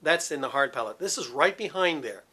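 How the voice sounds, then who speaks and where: Bright-voiced man teaching singing. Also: on the high side, animated, brisk, husky. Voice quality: resonant, focused head voice. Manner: demonstrative, explains with sung examples. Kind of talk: vocal technique lesson.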